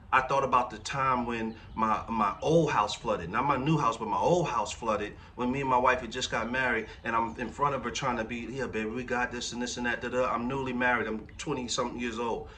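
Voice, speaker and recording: A pastor in his forties preaches a conversational sermon, often checking in with the congregation through rhetorical questions. His medium-pitched voice is pushed and bright, sitting far from the mic with a little hiss or hum.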